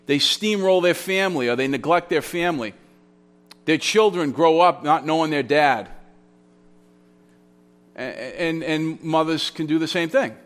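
A man delivers a sermon with a somewhat high voice, in a plain conversational teaching tone. He walks through grammar points, often repeating key phrases for emphasis. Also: measured pace, long pauses, fairly bright tone. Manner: conversational storytelling with restarts. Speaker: pastor. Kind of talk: expository sermon.

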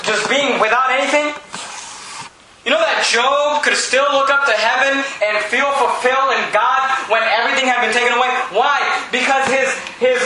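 A man preaching a sermon with fervor, rising to shouts and reading scripture aloud. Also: very high voice, heavy reverb, a little hiss or hum, low-quality recording. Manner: fervent preaching, rises to shouts, reads scripture in old English.

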